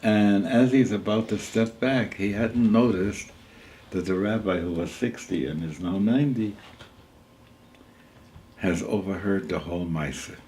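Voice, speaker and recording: An elderly man in his eighties, a rabbi telling a story at a gathering in a lively, chuckling way, sprinkling in Yiddish words. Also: lowish voice, unhurried, a little hiss or hum, low-quality recording. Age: 80s.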